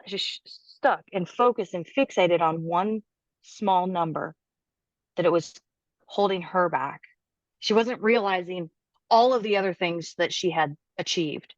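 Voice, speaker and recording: Woman trainer guest, animated storyteller, low-ish voice, dry muffled podcast audio. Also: no room sound. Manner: animated, quotes her client's words aloud.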